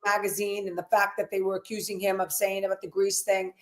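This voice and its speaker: Co-hosting a casual gossip livestream, a woman with a medium-pitched voice tells detailed stories at a quick pace. She's a lively storyteller who acts out what people said, and the room sounds echoey.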